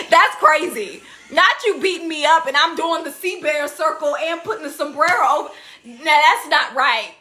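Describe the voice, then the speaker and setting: A woman's voice: sits high, normal speed, sharp tone. A young woman hosting a casual live stream from indoors, reading viewer comments into her phone, laughing often and acting out cartoon quotes in silly voices. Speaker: TikTok live host.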